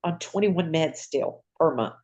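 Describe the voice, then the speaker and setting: A woman's voice: deep voice, expressive, a little slow, darkish tone. An older woman, a retired nurse, telling her story in a casual interview, acting out dialogue and laughing often.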